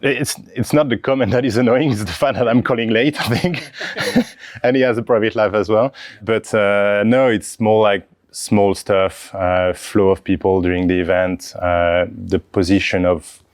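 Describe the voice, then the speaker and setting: A man chatting casually on a podcast, laughing and a bit self-deprecating, with halting phrasing. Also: lowish voice, steady tone, no echo, studio quality. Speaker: venue team member.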